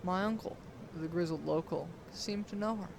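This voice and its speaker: A young man telling a dramatic first-person sea story in a deliberate storytelling delivery. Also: high voice, creaky, noisy background. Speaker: student storyteller.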